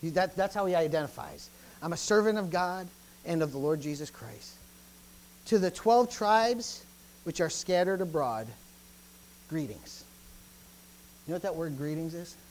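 A pastor preaching a sermon who swings between loud, emphatic lines and hushed asides and keeps repeating praise phrases. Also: mid-range voice, expressive, a little slow, long pauses, slight background noise.

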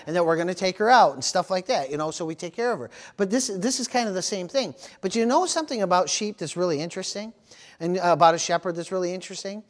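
A man pastor preaching a sermon, telling animated stories and calling out "amen" and "praise the Lord". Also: high-pitched, quick pace. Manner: animated storytelling with amens and praise interjections.

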